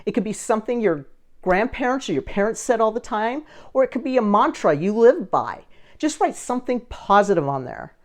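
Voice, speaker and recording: A woman's voice: fairly high pitch, fairly quick. A woman vlogger telling a story to camera in a casual way, acting out the other people in it. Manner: animated, acts out the other people in her story. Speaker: vlogger running a social media page.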